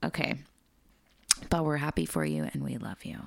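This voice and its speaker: A woman's voice: rumbling low, big pitch swings, moderate pace, vocal fry, no room sound. A woman co-hosting a podcast in casual, sweary, jokey chat, reading listener messages aloud. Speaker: podcast co-host.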